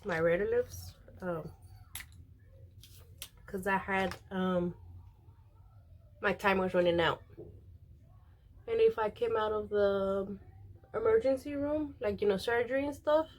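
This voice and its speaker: A young Mexican beauty vlogger chats casually while doing her makeup, rambling with lots of ums and likes and often quoting other people. Her pitch sits at an ordinary middle height.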